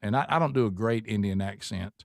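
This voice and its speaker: A man's voice: on the low side, brisk, no room sound, studio quality. A man hosting a talk show, reading a sponsor spot and telling stories in a rambling way, often restarting and repeating words. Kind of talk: casual chat and live ad read.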